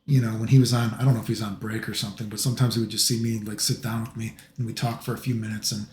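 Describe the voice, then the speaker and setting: A man's voice: on the low side, level tone, racing, darkish tone, reverberant, slight background noise. A middle-aged man from the United States, talking in a casual, rambling monologue full of filler phrases. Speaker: vlogger.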